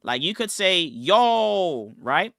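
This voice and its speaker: A man's voice: high-pitched, sing-song, slow pace, pushed and bright, dry recording, studio quality. A man hosting a live stream, reacting to a debate clip and joking emphatically with his chat. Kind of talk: casual live-stream commentary.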